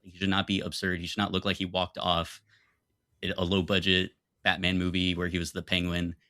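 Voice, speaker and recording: A man's voice: sits low, monotone, brisk, sharp tone, no echo, studio quality. A young man arguing insistently in a casual comedic film debate. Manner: argumentative, insistent, laughs easily.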